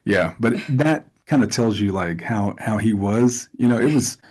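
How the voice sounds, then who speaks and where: A man in a casual interview, telling animated stories with lots of restarts and asides. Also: lowish voice, normal speed. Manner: animated storytelling with repeated restarts. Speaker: actor, interview guest.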